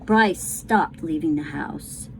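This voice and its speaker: A woman reading a children's book aloud to a class, tender and unhurried. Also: sits low, gravelly, a little mellow, slight background noise, rough recording. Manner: slow, tender storytelling.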